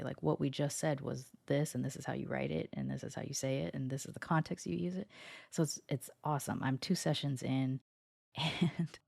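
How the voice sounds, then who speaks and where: Solo podcast host, scratchy morning voice, mid pitch, chatty and meandering, dry close sound. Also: gravelly, a little mellow, no room sound. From United States. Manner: chatty and meandering, often circling back mid-sentence. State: scratchy voice from just waking up. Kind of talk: casual solo podcast monologue.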